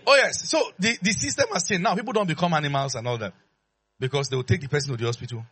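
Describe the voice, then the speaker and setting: A man preaching a sermon in an animated, playful way, calling out to the congregation. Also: on the high side, fast talker, husky. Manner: animated and playful, acts out dialogue, calls out to the congregation.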